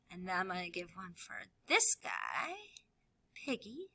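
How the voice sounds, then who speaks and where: A woman teacher walking children through a tutorial in a sing-song voice, now and then dropping to a soft whisper. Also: fairly low pitch, big pitch swings, measured pace. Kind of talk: screen-recorded classroom tutorial.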